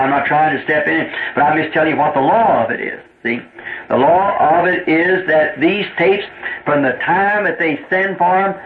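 A man from the United States speaks as a preacher to his church's trustees, earnest and rambling, circling back over his words in folksy grammar. His voice sits a little high and comes through a thin, phone-like tape with a roomy echo. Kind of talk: informal church address. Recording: tinny, roomy old tape recording with hiss.

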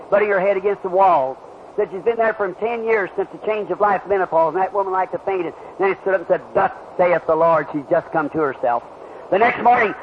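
A man preaching a revival sermon to a crowd, telling healing stories and asking the listeners questions. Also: high voice. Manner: fervent, storytelling, asks the crowd questions. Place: large meeting hall. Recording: dull lo-fi archival tape with hiss.

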